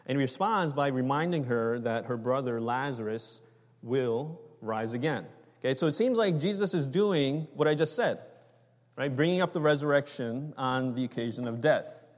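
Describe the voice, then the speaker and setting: A man delivers a sermon in a relaxed, conversational way, pausing to check in with his listeners with "right?" and "okay?". His voice sits at an ordinary middle pitch. It carries a long reverb, like a large church sanctuary. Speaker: preacher.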